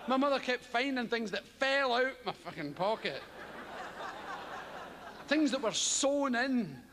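This man's voice sits at an extremely high pitch and moves at a measured pace, trailing a long reverb. He performs stand-up comedy full of swearing, animatedly acting out the people he describes. It's a live stage recording with background noise.

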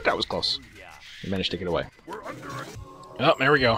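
Sarcastic man with lively pitch. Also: fairly quick, soft background music. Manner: sarcastic, profane, amused. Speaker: commentator. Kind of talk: gameplay replay commentary.

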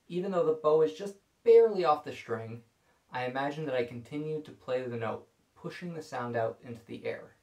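Calm man teaching violin, echoey room. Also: medium pitch. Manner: calm, explanatory. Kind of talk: scripted video lesson.

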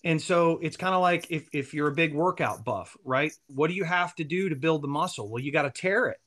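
A man guest telling long, animated stories and laughing at his own jokes. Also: on the high side, a little fast. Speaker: guest, band member. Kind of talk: storytelling interview answer.

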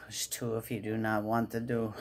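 Robot phone-menu voice, put on by a woman: low, deliberate, monotone delivery. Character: automated phone-menu robot voice, flat and slow. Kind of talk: casual home video.

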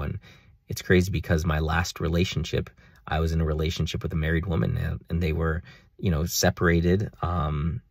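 A man's voice: low-pitched, gravelly, no echo, studio quality. A young man talking earnestly in a rambling personal video diary, with many fillers. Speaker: vlogger.

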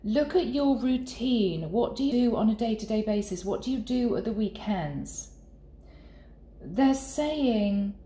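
A woman giving a channeled tarot reading in an earnest, soft and sometimes emotional way. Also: medium pitch. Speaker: tarot reader. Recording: echoey room with faint ambience.

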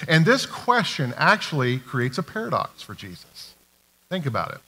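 A man preaching a sermon as pastor, animated and acting out the voices of the people he quotes. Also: fairly high pitch, moderate pace, long reverb tail. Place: church sanctuary.

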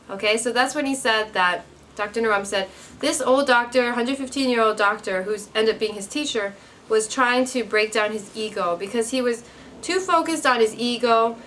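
A woman's voice: on the high side, moderate pace, a bit bright, slight background noise. A woman teacher retelling a story for English learners, acting out the dialogue and checking in with "okay?" and "right?".

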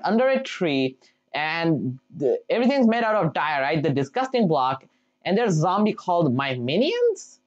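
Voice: medium pitch, big pitch swings, measured pace, lo-fi sound. A gameplay video creator giving casual commentary, easily startled and firing off repeated exclamations of surprise.

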